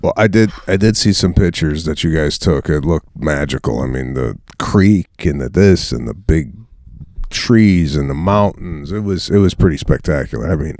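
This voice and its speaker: A man's voice: very deep voice, normal speed, a little mellow, no room sound. A middle-aged man co-hosting a podcast, chatting casually in a wry, incredulous way and swearing now and then. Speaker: podcast co-host. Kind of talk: casual chat.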